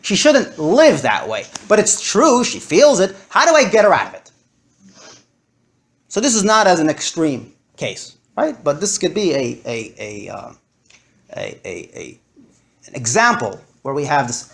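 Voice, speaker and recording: A man lecturing to a live audience, animated and acting out his stories with big swings in his voice. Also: fairly high pitch, moderate pace, gravelly.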